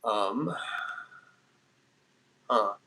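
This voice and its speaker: A man's voice: lowish voice, lively intonation, extremely slow, bright, forceful tone, breathy edge. A man in his fifties chatting casually on a live stream, laughing often and answering chat comments. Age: 50s. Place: home, near a trailer.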